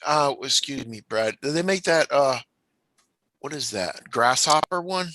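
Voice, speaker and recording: A man's voice: medium pitch, lively intonation, unhurried, pushed and bright, dry recording. Curious questioning man, dry sound. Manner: curious, asks many questions. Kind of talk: casual group chat.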